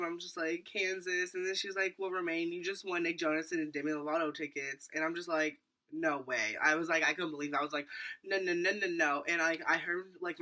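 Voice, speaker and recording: Bright-voiced teenage boy rambling a story. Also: on the high side. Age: teens. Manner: rambling, filler-heavy, animated retelling. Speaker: vlogger. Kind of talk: storytime vlog.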